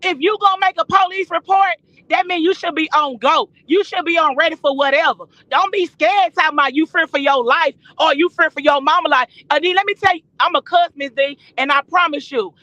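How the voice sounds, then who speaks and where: A woman with a very high, bright, tense voice rants on a live stream, loud, cussing and confrontational, firing off words in fast bursts. She talks from inside her car over a phone. The sound is dry, muffled and lo-fi. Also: no room sound. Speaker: guest caller on a live stream. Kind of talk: heated ranting on a live stream. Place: in a car while driving.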